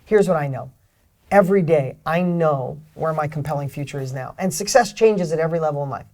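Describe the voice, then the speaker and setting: A middle-aged man, a guest author and speaker, giving energetic motivational talk in an interview, emphatic and swinging between loud bursts and soft asides. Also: a little high, fairly quick.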